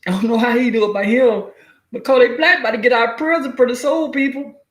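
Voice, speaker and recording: A man's voice: very high voice, quick pace, reverberant. A man giving casual spoken commentary, loose and profane, telling stories with mock quotes. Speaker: commentary vlogger.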